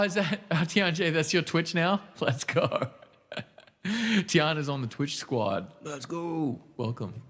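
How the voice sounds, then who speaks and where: A man streaming live, chatting casually with his viewers between songs and talking to them by name. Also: on the high side. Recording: long reverb with loud guitar playing. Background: loud acoustic guitar.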